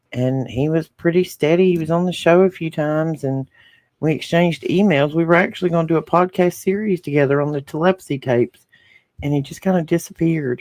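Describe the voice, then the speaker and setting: A man's voice: on the high side, dry recording, studio quality. A man with a rural Southern American accent, a podcast co-host chatting casually with live viewers and reading their comments aloud.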